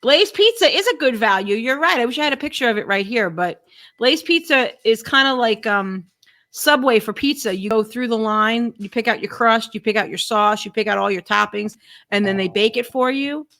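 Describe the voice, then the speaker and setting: A woman co-hosting a casual live stream chat about food, chatty and quick to laugh, often restarting her words. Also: a little high, a bit bright.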